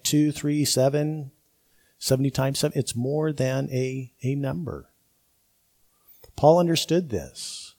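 A man delivers a sermon with a husky, mellow voice. He leans on key words and repeats them for emphasis, building each point step by step. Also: medium pitch. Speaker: preacher.

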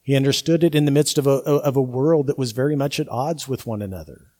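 A man delivers a sermon with a husky, mellow voice. He leans on key words and repeats them for emphasis, building each point step by step. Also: mid-range voice, quick pace. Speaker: preacher.

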